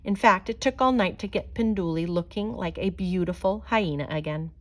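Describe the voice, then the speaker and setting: A woman reading a children's story aloud with gentle, expressive narration. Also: lowish voice, moderate pace, hardly any pauses. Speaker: storybook reader.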